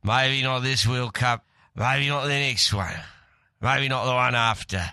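A man voicing an older male rugby coach, talking in a low, gravelly drawl and brushing off every worry in a comedy sketch. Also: measured pace, pushed and bright, dry recording, studio quality, exaggerated voice. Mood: breezy denial. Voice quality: low gravelly drawl, keeps saying mate.

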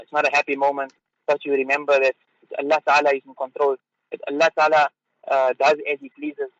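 A man, a mufti, giving an unscripted religious talk on the radio, halting with fillers and repeated words. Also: fairly high pitch, a bit bright, no echo, dull audio.

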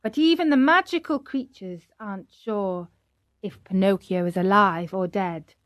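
A woman reading a children's story aloud in a gentle, unhurried way. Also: medium pitch, dry recording, clean studio sound. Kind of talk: scripted storybook narration.

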